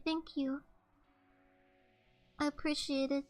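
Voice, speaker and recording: A woman's voice: high voice, fairly even intonation, slow, pauses often, faint music behind. A young woman streaming live, chatting casually and reading chat messages aloud in a playful, self-mocking way.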